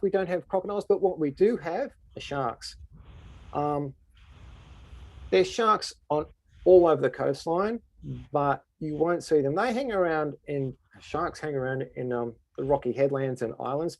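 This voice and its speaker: A man's voice: a little high, normal speed, dry recording. An Australian man, a tour guide, answering questions in an easygoing, explanatory way. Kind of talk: casual Q&A answers.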